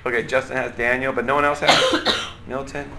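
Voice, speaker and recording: A man teaches a Bible class in an easygoing, chatty way and keeps checking that the class is following. His voice is bright and clear. The room is echoey, with a faint hum of ambience behind him. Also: medium pitch, steady tone, moderate pace. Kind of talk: casual Bible lesson. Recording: roomy echo, faint room noise.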